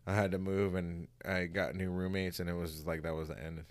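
Low-voiced man telling a rambling story. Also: level tone, a little fast, no room sound. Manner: rambling, profane, laughs a lot, acts out others' lines. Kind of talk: casual storytelling chat.

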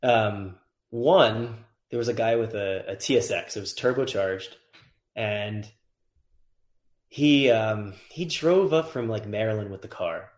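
A man's voice: fairly low pitch, unhurried. A man who tunes cars, telling a story in a casual chat, swearing freely and acting out the voices of the people in it. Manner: animated, swears freely, acts out voices in stories. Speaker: guest, car tuner. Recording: roomy echo.

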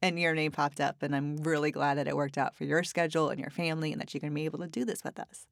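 A woman's voice: low-pitched, little pitch movement, fast talker, creaky, no echo, studio quality. Chatty, playful woman podcast host. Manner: playful, chatty, laughs often. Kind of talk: casual podcast chat.

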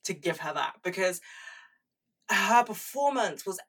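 A woman's voice: medium pitch, expressive, a little slow, fairly bright tone, breathy edge, far from the mic. A woman in her twenties chatting about pop culture, dramatic and sweary, full of asides. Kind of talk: casual chat.

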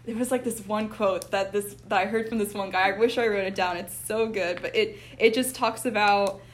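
A woman's voice: medium pitch, fairly even intonation, normal speed. A young woman sharing in a casual Bible study chat, earnest and full of fillers, getting tearful when moved. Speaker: Bible study group member.

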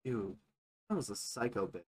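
A man's voice: lowish voice, animated, normal speed, breathy edge. A man co-hosting a podcast, rambling and laughing as he tells stories in casual chat. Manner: rambling, trails off and restarts, laughs often. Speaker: podcast co-host.

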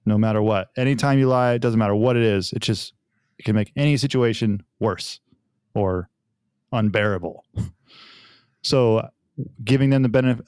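With a lowish, clean voice, a man in his thirties who has young children shares family stories as a podcast guest in easygoing conversation. Now and then he performs what others said, and the recording is dry and studio grade.

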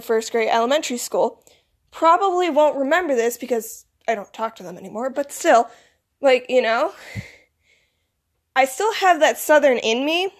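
A woman with a Michigan accent rambles through a casual vlog monologue in a somewhat high voice. She sounds groggy, as if she woke up not long ago. Her talk is loose and full of "like" and "you know". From United States. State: groggy, recently woken. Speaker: vlogger.

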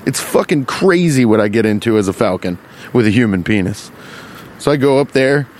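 A man hosting a comedy podcast, rambling through an improvised, profane, deadpan bit while walking along a street. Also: mid-range voice, a little fast. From Cincinnati, US. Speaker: podcast host. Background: faint traffic.

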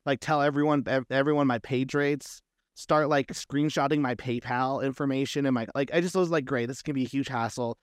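A man speaks as an interview guest in a casual, animated way, acting out the back-and-forth of quoted conversations. His voice sits at a middle pitch. The recording is dry and close, with no room sound. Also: no echo. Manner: animated storytelling, acts out quoted exchanges. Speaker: comic book creator, guest.

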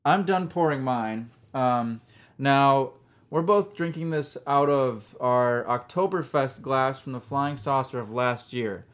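A man co-hosting a casual beer podcast, goofy and quick to laugh. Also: mid-range voice. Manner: goofy, laughs often, sing-song riffs. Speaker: podcast co-host. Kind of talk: casual chat.

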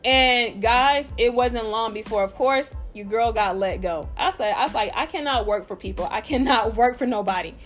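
A woman's voice: on the high side, moderate pace, few pauses, faint music behind. A woman telling a workplace story in a casual, blunt and profane vlog style.

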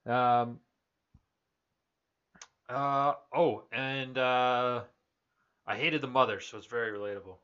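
A man's voice: mid-range voice, steady tone, slow, long pauses, fairly bright tone, smooth, highs cut off. A man in a casual movie chat who stops and restarts his sentences with many ums. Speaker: podcast co-host.

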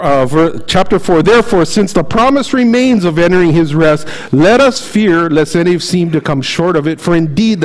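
A middle-aged man preaching in a relaxed, conversational way, his voice sitting a little higher than most men's. He reads scripture aloud and slips into lively storytelling. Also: poor audio. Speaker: pastor. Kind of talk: sermon.

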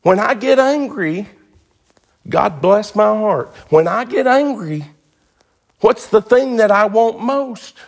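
A man's voice: sits high, animated, slow, vocal fry. A male pastor preaching a sermon in a folksy, emphatic way, repeating phrases for stress.

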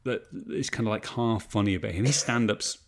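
A man's voice: lowish voice, brisk. A man co-hosting a podcast, chatting casually about a movie with lots of swearing and restarts. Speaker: podcast co-host. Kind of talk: casual movie review chat.

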